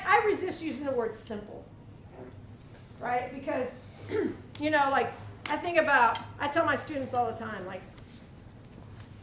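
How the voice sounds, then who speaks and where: A woman's voice: fairly high pitch, slight background noise. A woman teaching a live percussion clinic, chatty and quizzing the audience. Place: large echoey hall with audience. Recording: roomy live hall, distant mic, loud drumming.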